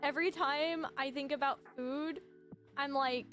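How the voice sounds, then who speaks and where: A woman streamer chatting casually to her viewers, bubbly and excitable with sudden shrieking outbursts. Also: sits high, measured pace, faint music behind.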